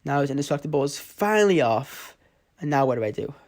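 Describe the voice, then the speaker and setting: A man's voice: fairly high pitch, big pitch swings, quick pace, darkish tone. A man giving casual play-by-play commentary over his own mobile game footage, often exasperated. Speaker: gaming channel host.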